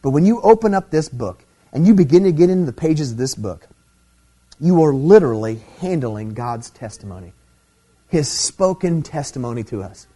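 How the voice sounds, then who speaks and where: A man's voice: fairly high pitch, sing-song, moderate pace, mellow, husky. A middle-aged man preaching a sermon, teaching emphatically and checking in with "okay?" as he goes. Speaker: pastor.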